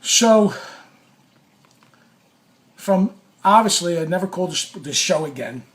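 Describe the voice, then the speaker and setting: A middle-aged man telling a personal story in an animated, blunt, profane way, full of restarts. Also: sits high, takes it slowly. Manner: blunt, profane, restless, acts out quoted lines. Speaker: storyteller recounting a past clash.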